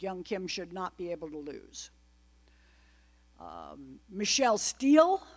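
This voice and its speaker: Woman guest speaker with a raised pitch, addressing a club audience loosely and wryly, with many digressions. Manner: chatty, wry asides, frequent digressions. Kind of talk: informal political talk to a live audience.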